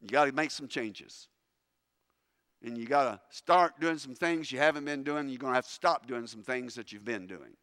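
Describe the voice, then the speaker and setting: A man's voice: mid-range voice, moderate pace, fairly bright tone, studio quality. A man preaching a sermon emphatically, often restarting his words. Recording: long reverb of a large hall.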